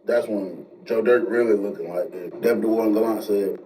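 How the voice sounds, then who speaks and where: A man telling a jailhouse-style story in casual, animated slang. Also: lowish voice. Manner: animated, slangy, fast asides. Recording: distant mic with faint noise.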